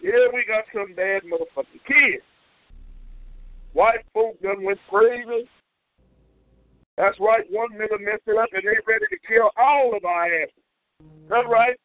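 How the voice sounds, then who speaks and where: A man hosting a call-in comedy show, ranting loudly and profanely with whooping shouts, heard over a tinny phone line. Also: high voice, sing-song, measured pace, long pauses, no echo. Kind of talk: comedic call-in radio rant.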